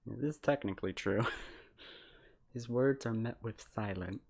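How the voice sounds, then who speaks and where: A woman's voice: extremely low pitch, unhurried, gravelly, warm tone, slightly rough. A woman streamer reading game text aloud during a live reaction, joking and laughing often.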